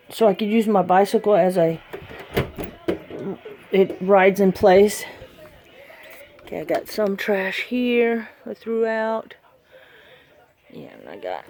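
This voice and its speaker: A woman vlogger rambling casually and thinking out loud while doing chores around her home and yard. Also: medium pitch.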